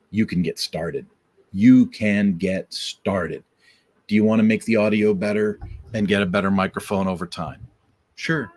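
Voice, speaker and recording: A man's voice: deep voice, a little mellow, slightly rough. A man hosting his own podcast, giving earnest, encouraging advice in a casual live-streamed talk and repeating his key points. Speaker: podcast host. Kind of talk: casual motivational talk to camera.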